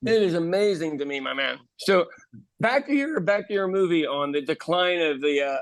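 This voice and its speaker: Man, 50s, podcast co-host; animated storyteller, slightly high voice, dead-dry close mic. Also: moderate pace, no echo. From Ireland. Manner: animated, acts out other people's lines, swears freely. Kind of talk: casual storytelling chat.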